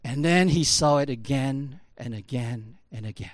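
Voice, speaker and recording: A man with a medium-pitched voice tells a story in casual conversation at a moderate pace, recorded dry. He fills his speech with "like" and "you know," building toward emphatic bursts.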